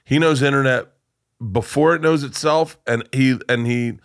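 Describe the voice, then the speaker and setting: A man hosting a podcast in casual chat, excitable, laughing hard and swearing often. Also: medium pitch, normal speed. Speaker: podcast host.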